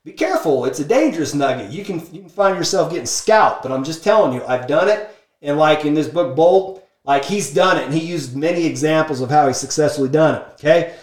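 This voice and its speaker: A man telling a business story in an energetic, emphatic monologue, peppering his talk with "like" and "okay?". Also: a little high, brisk. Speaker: speaker sharing business lessons from a book. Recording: echoey room.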